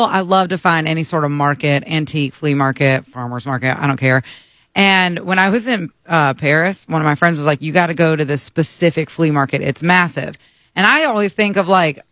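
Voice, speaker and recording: A man's voice: a little high, fairly bright tone, dry recording. An American man hosting a morning show, telling a story in a chatty, self-mocking way and acting out both sides of it. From United States.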